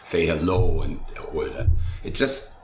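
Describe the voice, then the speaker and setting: A man's voice: low-pitched, level tone, unhurried, a little hiss or hum. An older man, a food truck owner and chef, chatting in an interview and rambling enthusiastically through his dishes step by step. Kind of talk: casual interview chat. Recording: roomy echo with faint ambience.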